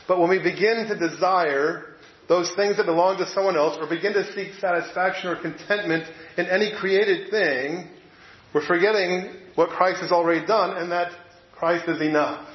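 A man's voice: high voice, normal speed. A man giving a sermon in a conversational way, reading passages aloud and sometimes repeating words as he goes. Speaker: preacher. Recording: echoey room, slightly dull sound.

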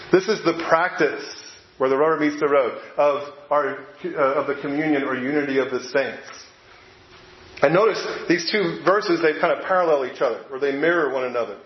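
Pastor preaching in an echoey church. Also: male voice, fairly high pitch. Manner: conversational, halting with fillers and restarts. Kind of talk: sermon. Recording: echoey, dull lo-fi room sound.

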